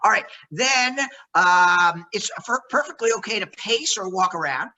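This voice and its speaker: A man's voice: high voice, lively intonation, a little slow, bright, forceful tone, rough recording. A man leading a sales workshop, coaching trainees and acting out phone greetings with lots of energy.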